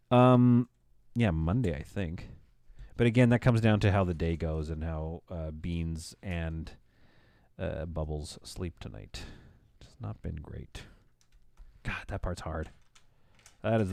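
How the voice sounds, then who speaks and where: Rambling thirties male streamer, deep voice, dry and close. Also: dark tone, dry recording. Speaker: live streamer. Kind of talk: casual live-stream chat while building.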